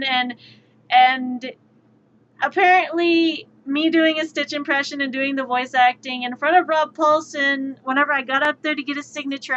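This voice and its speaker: A high, bright young woman streams casual chat, telling stories with lively energy and acting out the voices of people she meets. Her audio is a little muffled, with a faint hiss underneath. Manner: animated, acts out voices in anecdotes. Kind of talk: casual storytelling.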